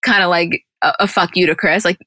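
A young woman co-hosting a podcast, casually recapping a reality show with animated storytelling and plenty of swearing. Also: fairly low pitch, a little fast, no echo, clean studio sound. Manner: animated storytelling, quoting others in put-on voices, frequent swearing. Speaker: podcast co-host recapping episodes. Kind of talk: casual chat.

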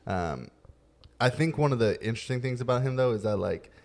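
A man hosting a podcast, telling a story in a relaxed, casual way with many fillers. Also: mid-range voice, a little fast. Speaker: podcast host. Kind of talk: casual chat.

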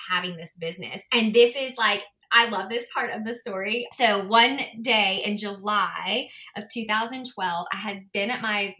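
A woman in her thirties tells her own story in a relaxed podcast conversation. Her voice is bright and forward, with a lively, laughing, filler-heavy way of talking. It sounds unscripted and friendly. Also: mid-range voice. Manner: chatty storyteller, many "like" fillers, laughs easily. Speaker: guest, wedding planner. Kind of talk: casual podcast interview.

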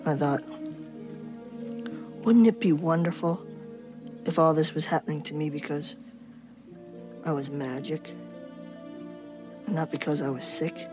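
A man playing a gentle, dying little man. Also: a little high, measured pace, pauses often, natural voice. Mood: wistful. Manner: soft-spoken, quietly resigned. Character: gentle sick little man, wistful and resigned. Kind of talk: film dialogue. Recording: film clip over music.

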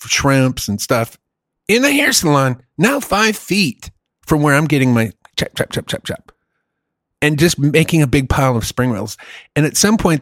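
Man, casual storyteller, lively pitch, dry close sound, cussing freely. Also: no echo. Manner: animated storytelling, swearing, frequent "dude". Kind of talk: casual chat.

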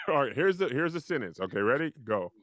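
A man's voice: medium pitch, big pitch swings, brisk, fairly bright tone, slight background noise. A man hosting a casual podcast chat, teasing his co-hosts and laughing often. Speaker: podcast host.

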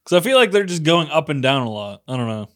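Podcast co-host, man, fairly high voice, relaxed, profane, laughs often. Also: quick pace. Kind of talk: casual chat.

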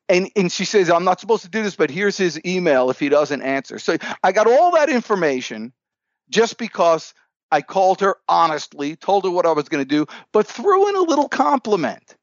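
Upbeat guy telling sales stories, voice jumps all over, kinda high, dull dry sound. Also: no room sound. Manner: animated, upbeat storyteller who acts out dialogue. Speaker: sales coach guest. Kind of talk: storytelling in a podcast interview. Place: standing up while talking.

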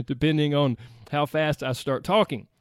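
Speaking unhurriedly in a somewhat high voice, a Southern US man runs a solo weight loss podcast. He's chatty and upbeat, addressing listeners directly, and the studio-quality audio has no room sound.

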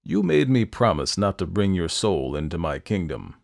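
Smug, menacing storybook devil, deep and unhurried, as a male narrator plays him. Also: very animated, gravelly, exaggerated voice. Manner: low and measured.

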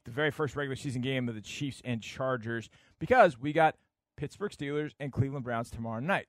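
A man hosting a sports radio show, wrapping up a segment in a brisk, upbeat way. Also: a little high, fairly bright tone, no echo, studio quality. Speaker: show host.

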